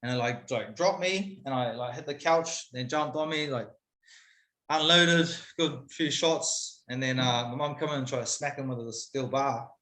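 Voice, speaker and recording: New man, casual candid storyteller, swears a lot, bright edgy tone, echoey room. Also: medium pitch, normal speed. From New Zealand. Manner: candid, swears freely, animated retelling. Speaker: guest, MMA fighter. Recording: roomy echo.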